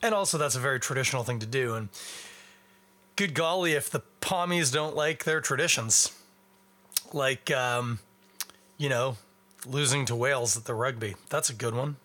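Bright-voiced wry male podcast host. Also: medium pitch, moderate pace, pauses often. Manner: chatty, wry, rambling with asides. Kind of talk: casual beer review chat.

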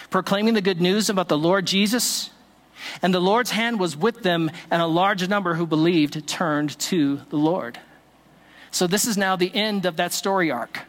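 A man's voice: high voice, a bit bright. A man preaching a sermon as pastor, telling a story with quoted dialogue and occasional "uh" fillers. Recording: long hall reverb.

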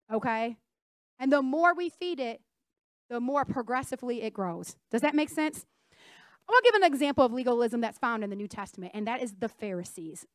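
High-voiced woman preaching with emphasis. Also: a bit bright, no echo, clean studio sound. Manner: emphatic, call-and-response, questions to the congregation. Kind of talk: sermon.

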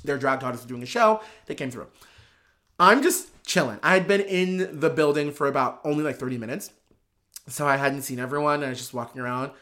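A podcast guest and drag performer telling a casual story, animated and full of filler words and restarts, laughing and swearing along the way. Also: medium pitch, a little fast. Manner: laughs while talking.

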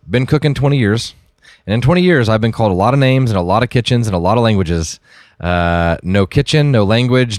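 A middle-aged man from Texas, a chef telling an earnest, animated story to an audience, with many fillers and restarts. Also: mid-range voice, no echo, studio quality. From Dallas, Texas. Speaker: chef giving a talk.

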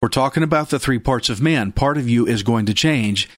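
A male preacher delivers a sermon in a forceful, emphatic way. He hammers home key phrases through repetition and now and then bursts out loudly. His voice sits at an ordinary middle pitch and is recorded dry and close. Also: a little fast, no room sound.

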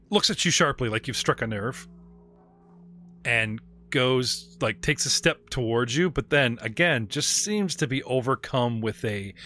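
Man, game master, tabletop role-play narration, animated, laughing. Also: mid-range voice. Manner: animated, laughing, slips into quick voices. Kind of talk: narrating a tabletop game over video call. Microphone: video call.

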